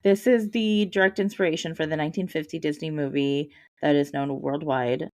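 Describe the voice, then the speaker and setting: A woman co-hosting a podcast, sick this week with a deepened voice, retelling a fairy tale in a relaxed, unhurried way with ums and soft laughs. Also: dry recording, studio quality. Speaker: podcast co-host. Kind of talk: casual storytelling chat.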